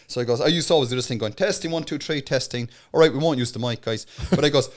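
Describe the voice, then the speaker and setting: A man's voice: medium pitch, fast talker, few pauses. A man with a Cork Irish accent, a guest comedian telling a story casually and acting out the voices in it. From Cork, Ireland. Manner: animated, acts out voices in his stories.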